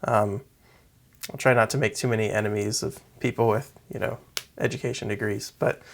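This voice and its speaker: A man co-hosting a book podcast, speaking in a measured, reflective way. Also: fairly low pitch, steady tone, gravelly. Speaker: podcast co-host. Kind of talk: casual book discussion.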